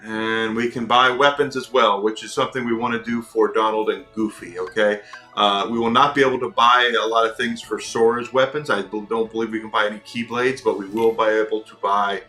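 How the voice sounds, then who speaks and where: Bright-voiced chatty gaming host. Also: male voice, lowish voice, little pitch movement, a little fast, soft background music. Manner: chatty, reads and answers chat. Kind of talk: let's play commentary.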